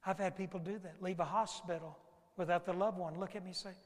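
A middle-aged pastor with a fairly high voice preaches in a big church whose sound rings out long behind him. He swings from ringing, forceful declarations down to soft, hushed words. It is a passionate sermon delivery. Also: fairly even intonation, fast talker. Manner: impassioned preaching, swinging from loud declarations to hushed intimate tones. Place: church sanctuary. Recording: reverberant sanctuary sound.

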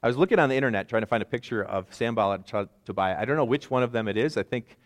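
A man's voice: medium pitch, very fast, big-room sound. A man in his forties preaching a conversational sermon with self-deprecating asides. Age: 40s. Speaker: pastor.

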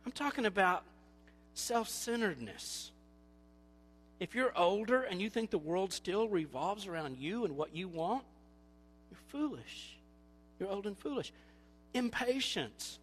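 A man's voice: high-pitched, sing-song, a little slow, pauses often, fairly bright tone, slightly rough, soft background music. A man preaching a sermon in a conversational way, acting out quoted voices as he goes. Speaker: pastor.

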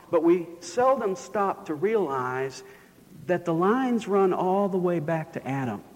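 A male pastor preaching with a storyteller's flair. His voice sits fairly high for a man, and it rings through a church sanctuary with a long reverb tail. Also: expressive, measured pace. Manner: storytelling, rising and falling for emphasis. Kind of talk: sermon.

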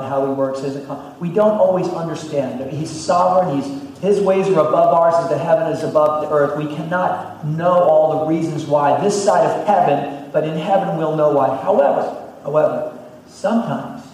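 A man preaching a sermon as pastor, emphatic, repeating phrases and swinging between loud and hushed. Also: on the high side, slight background noise. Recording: echoey hall, distant mic, faint ambience.

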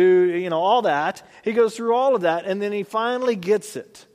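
A man with a high voice preaches a sermon in a church hall. He reads scripture slowly, then builds with rising emphasis. A long reverb hangs on every word. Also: a little mellow. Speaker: pastor.

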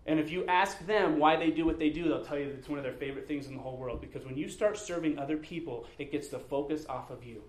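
A man, probably in his thirties, preaching a sermon in a relaxed storytelling way, earnest with touches of humor. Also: a little high, quick pace, few pauses. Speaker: pastor. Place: church sanctuary. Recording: echoey church sanctuary.

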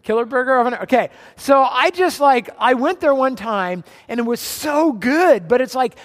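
A man's voice: extremely high pitch, animated, moderate pace, fairly bright tone. A man in his forties preaching a sermon as pastor, conversational and joking as he tells family stories. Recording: long reverb of a large hall.

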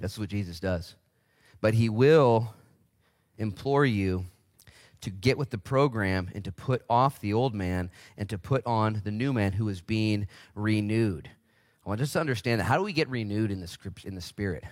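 A man in his forties preaching a casual, energetic sermon as pastor in a church, with big swings in pitch. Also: normal speed, dry recording, studio quality. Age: 40s.

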